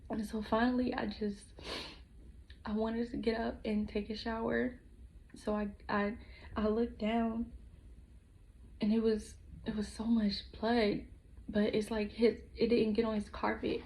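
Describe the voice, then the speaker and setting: A woman telling a personal story in a vlog, halting and emotional, with many restarts, her voice often dropping to a hush. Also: fairly high pitch, level tone, creaky, poor audio. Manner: halting, with frequent restarts and pauses; soft and hushed, dropping at times to a whisper. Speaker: vlogger.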